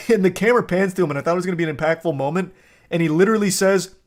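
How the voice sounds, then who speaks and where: A man's voice: high-pitched, racing. Sarcastic, swearing young man streamer. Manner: sarcastic, profane, rambling recap. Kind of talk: casual chat.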